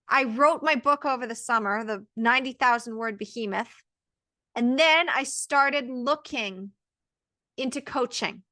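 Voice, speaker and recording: A woman's voice: sits high, moderate pace, sharp tone, no room sound. A woman in her thirties, a birth coach, telling her story in an earnest, emphatic monologue full of quoted self-talk. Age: 30s. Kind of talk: personal motivational monologue.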